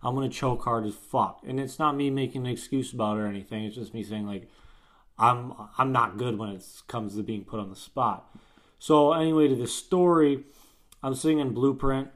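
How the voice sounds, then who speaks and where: A man's voice: medium pitch, steady tone, moderate pace. Profane, rambling young man telling stories. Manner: profane, rambling storyteller with frequent restarts. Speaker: podcast co-host. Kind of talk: casual chat.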